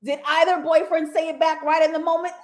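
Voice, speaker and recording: A woman's voice: very high voice, flat delivery, fairly quick, a little mellow. A young woman hosting a live TV review show, chatting casually to viewers with slangy asides and frequent laughter.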